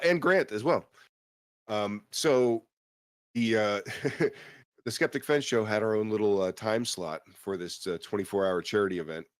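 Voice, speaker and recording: A man's voice: fairly low pitch, no echo. A man hosting a podcast in casual chat, rambling and swearing freely, with plenty of fillers and restarts. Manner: rambling and profane, full of fillers. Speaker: podcast host.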